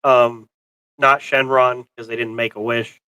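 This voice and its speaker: A man's voice: mid-range voice, flat delivery, measured pace, pushed and bright, smooth, no room sound, poor audio. A man co-hosting a casual movie review chat, rambling with many fillers and restarts. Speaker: co-host of a pop culture show.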